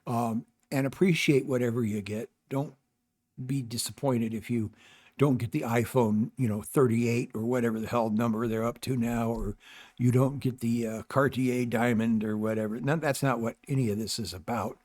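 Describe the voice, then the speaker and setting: An older man from North America hosting his own channel, giving rambling, halting advice in casual talk with many fillers and restarts. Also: medium pitch, steady tone, darkish tone. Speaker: channel host.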